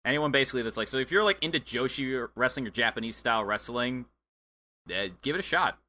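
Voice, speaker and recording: Excitable bright-voiced male podcast co-host. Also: medium pitch, quick pace. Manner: excitable, chatty, filler-heavy. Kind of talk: casual chat.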